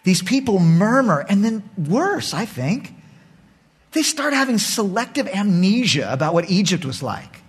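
Animated husky male pastor preaching. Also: high voice, unhurried. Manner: animated, acts out voices, laughs often. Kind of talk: sermon.

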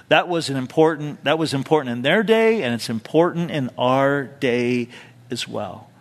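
A man's voice: medium pitch, expressive, moderate pace. Conversational male pastor, reverberant hall. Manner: conversational, with asides and rhetorical questions. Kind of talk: expository sermon.

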